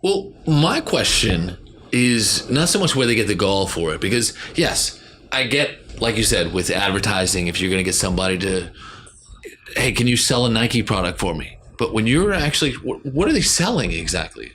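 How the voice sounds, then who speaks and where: A man's voice: on the low side, sing-song, normal speed, a bit bright, a little hiss or hum. A man co-hosting a casual podcast, steering the talk with short questions. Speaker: podcast co-host. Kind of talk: casual chat.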